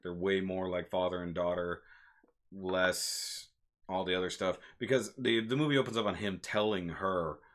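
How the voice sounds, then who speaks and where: A man hosting a casual live stream, chatting about movies in an animated, rambling way. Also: low-pitched, normal speed. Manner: animated, rambling, laughs at himself. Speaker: movie reviewer, channel host.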